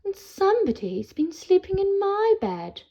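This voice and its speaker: A woman's voice: very high voice, very animated, unhurried, mellow, voice pushed up, full character voice. A woman voicing a mother troll who complains in a raised, indignant voice. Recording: dull lo-fi sound.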